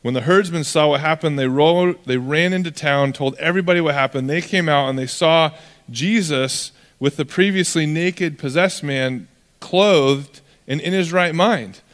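A man preaching from a church stage, his voice sitting a bit higher than most men's. He tells stories casually and slips into voices for the people in them. His words ring out with a long reverb through a large hall. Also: moderate pace, a bit bright. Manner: conversational storytelling, acting out quoted voices. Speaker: pastor. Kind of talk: sermon.

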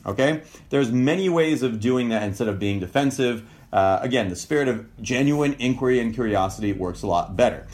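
A man with a middle-pitched voice talks through relationship advice in a loose, conversational way, as if on a video call. He is animated and likes to slip into quick acted-out examples in other tones. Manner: animated, acts out sample quotes in changing tones. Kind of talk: informal talk over video call. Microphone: video call mic.

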